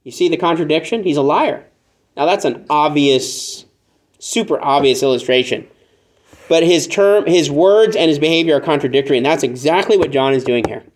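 Guy preaching a sermon, kinda high voice, chatty, jokes around and acts out little scenes. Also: moderate pace. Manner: conversational, joking asides, animated when acting out examples. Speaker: pastor.

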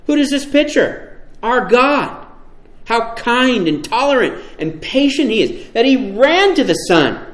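A man preaching a sermon, emphatic and animated, often asking his listeners rhetorical questions. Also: very high voice, takes it slowly, reverberant.

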